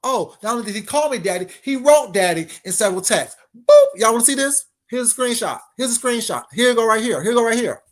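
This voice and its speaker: A man's voice: extremely high pitch, animated, fast, hardly any pauses. A man giving a brash, confrontational casual monologue as an online commentator.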